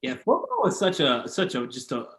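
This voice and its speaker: Easygoing man with a slightly high voice. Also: huge pitch swings, normal speed, vocal fry, a bit bright. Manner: easygoing, brief replies. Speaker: podcast host. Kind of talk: casual chat.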